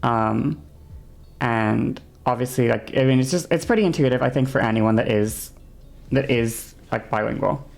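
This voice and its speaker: A woman's voice: a bass voice, normal speed, creaky, a little mellow. A woman streamer with a sore throat, chatting casually and explaining at length, rambling with many fillers and restarts. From English-speaking.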